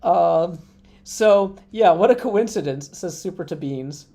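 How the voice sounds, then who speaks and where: A man hosting a live stream in a mellow, warm tone, spinning a meandering story full of ums and asides. He chats casually from his streaming computer at a convention. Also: high-pitched, lively intonation, measured pace, creaky. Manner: rambling, chatty anecdotes with many fillers. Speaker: livestream host. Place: indoors at a gaming convention. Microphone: streaming setup at a computer.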